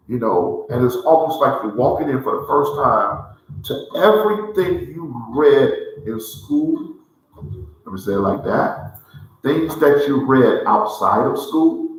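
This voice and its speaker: Rambling man in a very echoey room. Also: mid-range voice. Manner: rambling, repeats "let me say it like this here". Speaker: cigar show host. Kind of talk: casual heartfelt talk. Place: large indoor room in a historic building.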